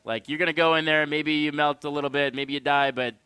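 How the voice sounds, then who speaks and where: A man leading an esports broadcast as play-by-play caster, energetic and jokey. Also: a little high, fast talker, clear, resonant tone, dry recording. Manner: energetic, jokey, leads the segments. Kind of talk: esports commentary.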